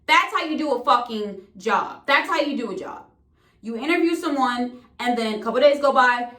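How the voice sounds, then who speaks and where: A woman's voice: a little high, animated, moderate pace, fairly bright tone. A young woman venting casually to camera, exasperated and profane. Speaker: vlogger. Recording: roomy echo.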